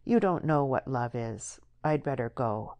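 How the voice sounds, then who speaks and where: A woman's voice: very deep voice, lively intonation, measured pace, a little mellow, heavily acted. A woman voicing an impulsive, moody young man who speaks with dramatic intensity. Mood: reproachful. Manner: impassioned, dramatic.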